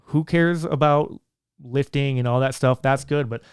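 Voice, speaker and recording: A man's voice: medium pitch, measured pace, clean tone, no room sound, clean studio sound. A man hosting his own podcast, talking in a casual, earnest and rambling way. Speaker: podcast host.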